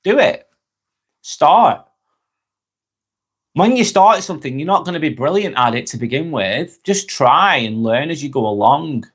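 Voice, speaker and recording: A man with a Northern English accent from Lancashire, hosting a relaxed live stream where he reads viewers' comments aloud and chats back, often stumbling over his words and letting his phrases fade out quietly. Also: on the high side, a little slow, pauses often, slightly rough. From Northwest England.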